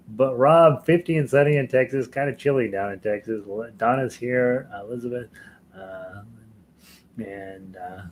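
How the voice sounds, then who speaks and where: A man's voice: mid-range voice, measured pace, poor audio. An American man hosting a live ukulele lesson stream, chatting casually with viewers, chuckling often and rambling with fillers and restarts. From United States.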